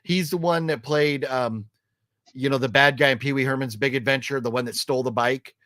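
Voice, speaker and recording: A man's voice: medium pitch, fairly quick, fairly bright tone, dry recording. Rambling man vlogging in a dry room. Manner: rambling, full of ums and restarts; acts out quoted lines while telling a story. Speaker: vlog host reviewing a horror movie trailer. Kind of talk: casual opinionated chat.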